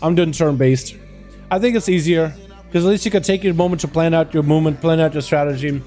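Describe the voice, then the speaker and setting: Excitable high-voiced man calling game duels. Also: fast, faint music behind. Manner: excitable play-by-play, breaks into joking asides. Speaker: streamer and match commentator. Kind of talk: livestream game commentary.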